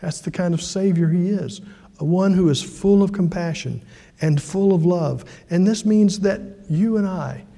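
High-voiced pastor preaching in a reverberant hall. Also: male voice, a little slow, gravelly. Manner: acts out quoted voices with lively pitch jumps. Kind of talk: sermon.

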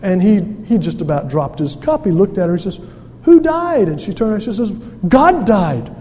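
A man's voice: high voice, expressive, fast talker, dark tone. A man preaching a sermon in a folksy, humorous and emphatic way, recorded in a church sanctuary. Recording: echoey hall with faint noise.

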